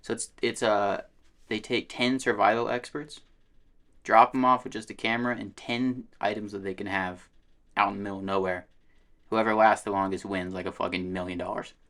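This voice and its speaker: A man's voice: lowish voice, steady tone, normal speed, fairly bright tone. A man co-hosting a podcast, telling stories in a laid-back casual chat and swearing a lot. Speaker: podcast co-host.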